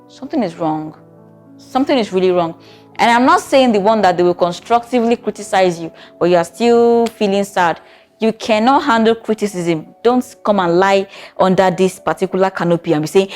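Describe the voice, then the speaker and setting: A woman talks straight to camera as a therapist, advising on relationships. Her voice sits at a mid pitch, and she keeps it conversational, often checking in with rhetorical questions. Faint music plays behind her. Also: lively intonation, moderate pace, darkish tone. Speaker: therapist giving relationship advice. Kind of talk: talking-to-camera advice video.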